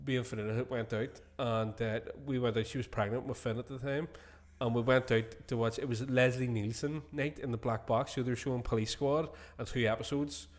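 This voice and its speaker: A man's voice: mid-range voice, fairly even intonation, brisk, few pauses. A man hosting a podcast, telling drinking stories in casual chat, swearing often and laughing through them. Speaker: podcast host.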